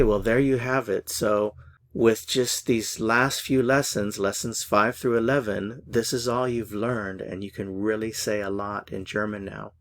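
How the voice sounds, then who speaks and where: A man teaching a language lesson, saying example phrases slowly and carefully. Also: on the low side. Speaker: German teacher.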